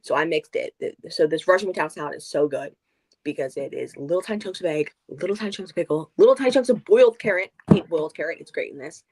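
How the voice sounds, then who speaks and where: A woman co-hosting a book club livestream, chatting casually and going off on rambling, animated tangents. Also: deep voice, quick pace, breathy edge. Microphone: video call.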